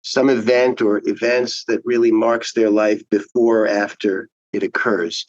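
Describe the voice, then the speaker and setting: A man, a child psychiatrist, giving measured, explanatory answers in an interview. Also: fairly low pitch, level tone, no echo, lo-fi sound.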